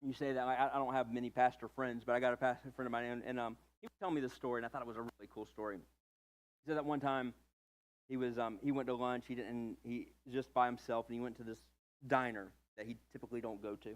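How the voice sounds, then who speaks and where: A man preaching a sermon as pastor, telling a story in a relaxed, conversational way with joking asides about himself. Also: mid-range voice, fast talker.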